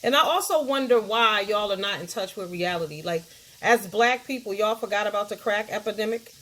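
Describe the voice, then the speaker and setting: A woman's voice: mid-range voice, lively intonation, a little fast, fairly bright tone. Middle-aged woman, sassy and blunt, cussing out her viewers on a vlog rant. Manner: blunt, profane, sassy, talks straight to viewers. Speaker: YouTube commentary vlogger. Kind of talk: casual ranting commentary.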